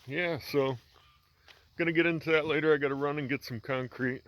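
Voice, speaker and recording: A man's voice: on the high side, brisk. Easygoing farm guy rambling on a morning walk, ums and uhs, bit of outdoor hiss and bugs behind. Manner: relaxed, rambling, many fillers and restarts. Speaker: farmer vlogger. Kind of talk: casual walk-and-talk narration.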